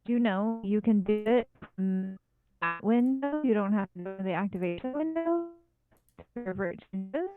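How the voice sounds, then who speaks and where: A woman's voice: medium pitch, lively intonation, moderate pace. Tinny robotic-sounding woman over music. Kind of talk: casual live-stream chat. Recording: tinny phone-like line with loud music.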